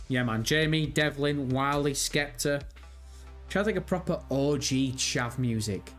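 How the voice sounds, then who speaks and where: A man's voice: a little high, fairly bright tone. A young man in his twenties with a Birmingham accent, chatting casually on a live stream, rambling and swearing freely as he reads out viewer comments. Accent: Birmingham English. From England. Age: 20s. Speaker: livestream host.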